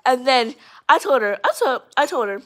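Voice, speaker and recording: A young woman vlogging casually, rambling excitedly and calling her viewers "guys" as she talks through a prank. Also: sits high, normal speed. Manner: rambling and chatty, often addresses the viewers as guys; excitable, with frequent fillers and restarts. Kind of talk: casual chat to camera.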